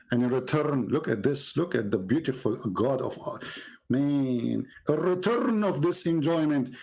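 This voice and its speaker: A man giving mocking, sarcastic commentary as he reads from a website on screen. He swings from low mutters to sudden high exclamations. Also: a little mellow, low-quality recording. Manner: mocking and sarcastic, with exaggerated mock praise. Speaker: religious debater and commentator.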